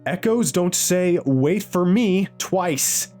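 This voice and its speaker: A man voicing a panicked teenage scout boy who swears nonstop, his voice going high. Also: expressive, slow, warm tone, soft background music. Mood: agitated.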